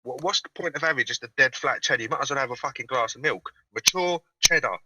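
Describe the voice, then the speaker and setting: A man's voice: mid-range voice, fast, noisy background. A man calling in to a video call-in show, talking in a crude, sarcastic way and swearing freely. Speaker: caller. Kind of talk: casual video call-in chat.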